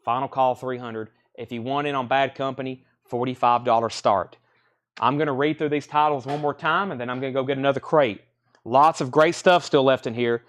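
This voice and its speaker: A man's voice: medium pitch, fairly even intonation, a little fast. A man running a live online record sale, rattling off album titles and prices in casual, friendly sales patter and tripping over artist names. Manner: friendly and easygoing.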